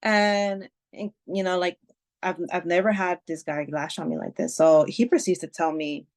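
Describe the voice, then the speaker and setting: A woman's voice: lowish voice, steady tone, moderate pace, a little mellow. A woman, a podcast guest, telling a personal story in casual chat, swearing freely and filling her talk with "like" and "you know". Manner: emotional retelling, swears freely, many fillers.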